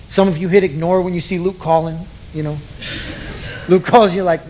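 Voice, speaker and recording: A man's voice: high voice, fairly quick, a little mellow, a little hiss or hum. A middle-aged man preaching a sermon in a casual, joking way, acting out the voices of the people he quotes. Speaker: pastor.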